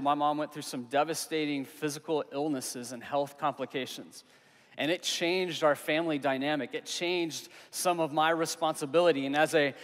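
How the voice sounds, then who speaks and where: A young man preaching a sermon as pastor, earnest and conversational, pausing for emphasis on key words. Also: a little high. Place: church hall. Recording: long reverb of a hall.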